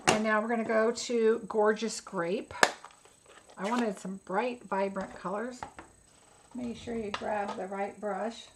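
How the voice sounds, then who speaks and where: A woman hosts a relaxed craft tutorial at an ordinary pitch. She talks viewers through each step in a chatty, instructive way, musing aloud about her choices as she works. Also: slight background noise, poor audio. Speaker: craft demonstrator.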